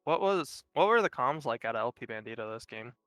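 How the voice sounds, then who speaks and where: A man with a bright, crisp voice gives upbeat, analytical game commentary. The sound is dry and close on a headset, with faint music underneath. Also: mid-range voice, lively intonation, a little fast, no echo. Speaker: esports co-caster. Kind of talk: post-game analysis chat.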